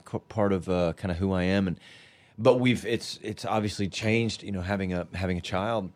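A man talking as a podcast guest in casual chat, rambling and halting with many restarts. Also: low voice, a little mellow.

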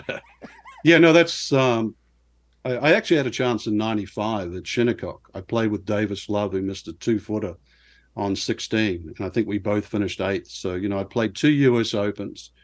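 Middle-aged male guest, lower voice, easy anecdotal storyteller with a self-mocking streak. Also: normal speed. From New Zealand. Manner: animated anecdotes with self-deprecating laughs. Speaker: former pro golfer, guest. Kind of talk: casual storytelling interview.

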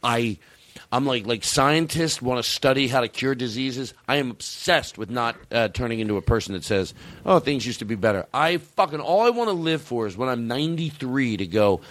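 A man's voice: medium pitch, normal speed, dry recording. Guy hosting a comedy podcast, swears a lot, rambles and gets worked up, dry studio sound. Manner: profane, excitable, rambling. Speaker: podcast host.

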